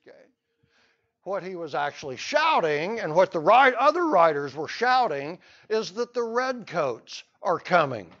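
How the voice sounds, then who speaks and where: A man's voice: very high voice, very animated, moderate pace, fairly bright tone, muffled recording. A man teaching a history lesson to a class, telling the story with playful asides. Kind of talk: classroom lecture.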